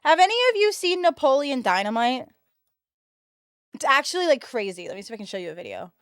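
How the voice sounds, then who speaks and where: This livestreamer, a woman of 22 from the United States, tells stories to her viewers with animated, slangy, casual chatter. She has a high voice and talks fast, in studio-quality audio without echo.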